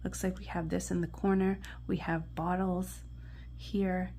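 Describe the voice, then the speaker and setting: Woman, tarot reader, gravelly low voice, mellow tone, gentle and encouraging, soft whispers. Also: flat delivery, a little hiss or hum. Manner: encouraging, pauses to study card imagery. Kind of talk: pick-a-card tarot reading.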